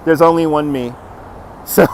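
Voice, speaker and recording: A man hosting a live walking stream outdoors on a city street, upbeat and chuckling as he greets viewers by name, recorded on a phone on a gimbal. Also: fairly high pitch. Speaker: livestream host. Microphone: phone on a handheld gimbal. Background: faint city traffic.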